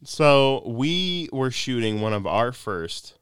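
A man's voice: medium pitch, sing-song, slow, fairly bright tone, clear, resonant tone, no echo. A young man from the North Carolina mountains hosting a podcast, joking and telling stories in a casual chat into a studio mic. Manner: playful, joking, storytelling with quoted voices. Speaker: podcast host.

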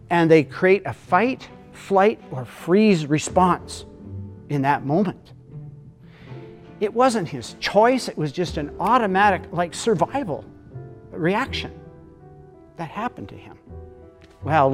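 Earnest storytelling male teacher. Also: high-pitched. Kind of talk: explanatory talk with story.

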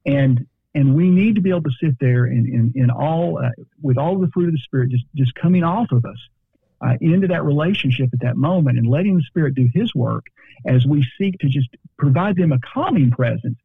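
A man in an earnest podcast conversation, often repeating words as he thinks aloud. His voice is gravelly and husky. He comes through a dry, tinny, phone-like line. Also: mid-range voice, animated, fairly quick, no room sound. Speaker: guest counselor.

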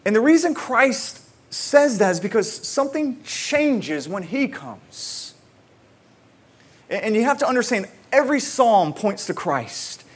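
A man preaching a conversational sermon, repeating words as he starts sentences and moving between excited emphasis and quiet, slow reflection. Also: very high voice, husky. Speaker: pastor.

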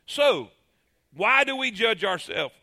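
A man's voice: high voice, sing-song, takes it slowly, gravelly, sharp tone. A man preaching a sermon, emphatic and calling on the congregation to answer.

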